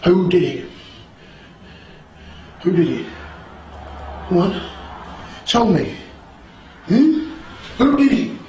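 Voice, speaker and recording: A man's voice: sits high, very animated, extremely slow, long pauses, slight background noise, heavily acted. A man playing a touchy contestant obsessed with his trophy, badgering and repeating himself. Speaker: contestant in a mock dinner-party show. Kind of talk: improvised mockumentary acting. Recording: echoey room with loud music.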